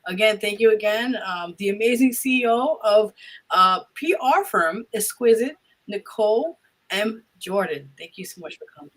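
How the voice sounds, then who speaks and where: A woman's voice: mid-range voice, expressive, moderate pace, poor audio. Effusive woman radio host. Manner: warm, effusive thanks with frequent fillers. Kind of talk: casual interview chat.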